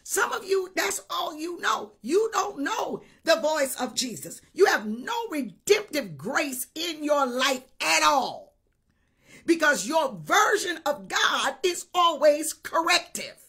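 Animated high-voiced woman preaching. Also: slow. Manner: animated preaching with cries and speaking in tongues. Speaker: bishop preaching. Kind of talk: sermon.

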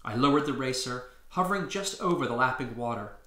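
A man reading his own story aloud in a lively storybook narration. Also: medium pitch, a little fast, echoey room. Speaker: author reading his book.

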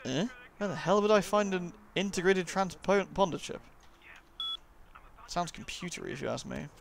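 A man's voice: high voice, normal speed, creaky, slight background noise. A man giving casual, cheeky gameplay commentary, full of self-mocking asides. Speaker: let's play commentator.

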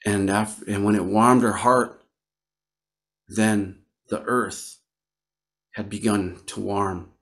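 A man from Northern Wisconsin tells a traditional story at an unhurried, very slow pace. His voice sits a bit low, and he lets pauses and repeated words carry the telling gently. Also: fairly even intonation. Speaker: Ojibwe storyteller. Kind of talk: oral storytelling. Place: online virtual event.

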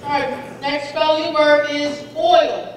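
A woman pronouncing spelling bee words slowly and clearly, with definitions and example sentences, encouraging each speller. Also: high-pitched, steady tone. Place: school gym or hall. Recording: echoey hall, far from the mic, faint crowd.

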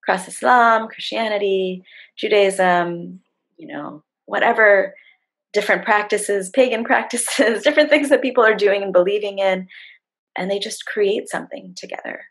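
A woman's voice: mid-range voice, normal speed, slightly rough, rough recording. A middle-aged woman on a video call, telling a story from her work as a facilitator and acting out the quotes of the people in it. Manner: warm, animated retelling with acted-out quotes. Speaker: facilitator and guest. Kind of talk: storytelling in a conversation.

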